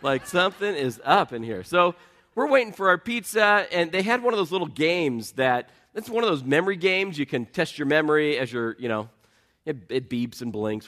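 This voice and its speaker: A pastor with a slightly high voice preaches in a conversational storytelling manner, poking fun at himself. He turns lively, his voice rising, whenever he tells an anecdote.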